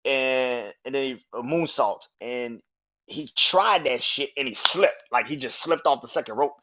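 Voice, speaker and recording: A man hosting a podcast, casually reviewing a wrestling match in a profane, animated way. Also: mid-range voice, unhurried. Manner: animated, profane, acts out quotes in raised voices. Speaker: podcast host. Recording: dull lo-fi audio.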